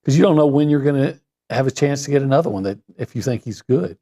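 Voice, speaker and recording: Man, sports columnist, gravelly dark voice, measured hedging talk. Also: medium pitch, lively intonation. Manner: measured, hedging opinions with pauses and fillers.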